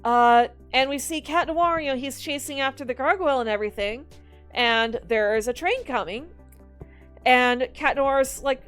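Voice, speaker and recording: A woman giving casual movie commentary in an animated, exasperated, rambling way. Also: high voice, moderate pace, clean tone, faint music behind. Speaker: video commentator.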